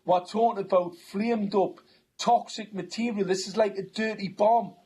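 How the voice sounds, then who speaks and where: A man's voice: high voice, steady tone, normal speed, warm tone. A man with a Geordie accent, talking insistently on a chat show and repeating words when he gets going. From North East England. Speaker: guest. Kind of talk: conversational talk-show chat.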